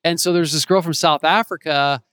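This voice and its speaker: Man, 40s, interview guest; smooth, slightly high voice, dry close sound, animated storyteller who mimics voices. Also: normal speed, no room sound. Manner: animated, acts out quoted voices in his stories. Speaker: interview guest, actor and author. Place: home in Los Angeles.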